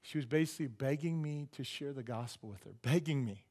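A man's voice: mid-range voice, fairly quick, a little mellow. A man preaching as a pastor, telling personal stories with animation and building to a fervent, rising prayer. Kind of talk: sermon.

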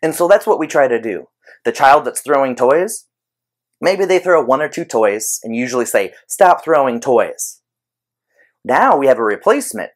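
A man giving an informal explanatory talk on behavior training, conversational and animated, using everyday examples. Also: medium pitch, moderate pace. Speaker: behavior analysis educator.

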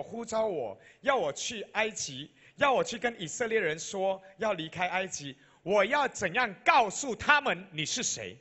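A man with a Malaysian accent, a pastor preaching a sermon, repeating each point in two languages and building to loud, emphatic peaks. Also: sits high. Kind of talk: bilingual sermon.

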